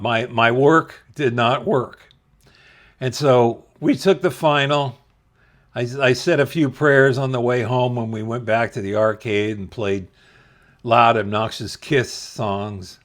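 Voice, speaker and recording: A man's voice: medium pitch, fairly even intonation. A middle-aged man casually telling a funny school story to his viewers, laughing at himself along the way. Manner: slow, laughing, self-deprecating. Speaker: channel host telling a story.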